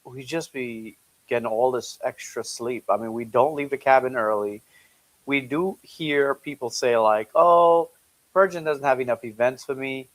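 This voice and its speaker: A man co-hosting a casual live stream from a couch at home, talking in a relaxed way and joking dryly. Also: mid-range voice, measured pace, no echo, rough recording. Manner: relaxed, easygoing, jokes dryly. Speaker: co-host.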